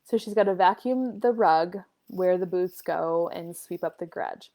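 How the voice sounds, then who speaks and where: A woman in her thirties hosting a casual talk on parenting, telling a story and acting out the dialogue with lively shifts in voice. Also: lowish voice, normal speed. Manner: animated storyteller, acts out dialogue. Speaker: host and life coach.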